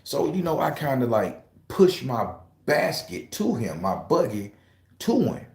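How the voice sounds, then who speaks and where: A man's voice: mid-range voice, very animated, a little slow, vocal fry, roomy sound. A man casually telling a story to his viewers, profane and emphatic, speaking straight to his audience. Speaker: tarot reader and channel host.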